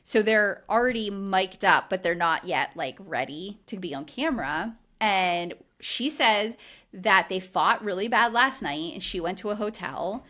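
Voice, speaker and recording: A woman's voice: medium pitch, animated, measured pace, bright, forceful tone. A woman co-hosting a podcast, recapping a reality show in casual, indignant chat full of "like". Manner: indignant, chatty, heavy use of "like". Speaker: podcast co-host.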